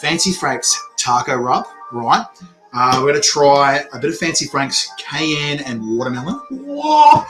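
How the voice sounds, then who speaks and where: A man's voice: fairly high pitch, big pitch swings, measured pace, a bit bright, soft background music. An Australian man hosting a hot sauce review show, chatting casually, cracking jokes and laughing often. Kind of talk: casual chat.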